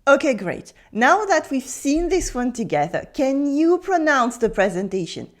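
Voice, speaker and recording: A woman's voice: high voice, big pitch swings. A woman with a French accent teaching pronunciation in English, patiently modeling words and repeating them for the listener. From France. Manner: patient, drills words slowly with repetitions. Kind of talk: pronunciation lesson.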